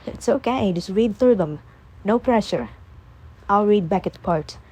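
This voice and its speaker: A woman voicing a tender, heartbroken young man who speaks in a soft, subdued and emotional way. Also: mid-range voice, lively intonation, a little slow, husky. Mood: gentle.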